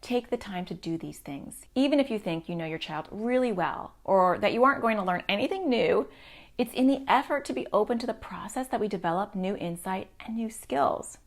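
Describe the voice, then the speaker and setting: A woman's voice: mid-range voice, expressive, brisk. A middle-aged woman, a child therapist, giving parents advice to camera in a direct, reassuring way.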